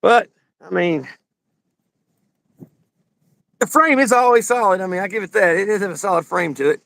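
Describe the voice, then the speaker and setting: A high-voiced man with a gravelly edge and a Southern Kentucky drawl shows viewers around his garage. His talk is loose, rambling and full of swearing and jokes. The sound is dry and close. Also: quick pace, fairly bright tone, no room sound. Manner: rambling, profane and joking. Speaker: garage channel host. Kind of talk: casual garage walkthrough.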